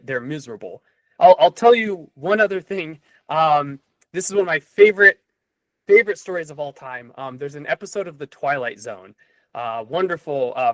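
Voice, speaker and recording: Animated man with a higher, dry voice. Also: no room sound, poor audio. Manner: animated storyteller with frequent fillers. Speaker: podcast guest or host. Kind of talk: casual podcast conversation with storytelling.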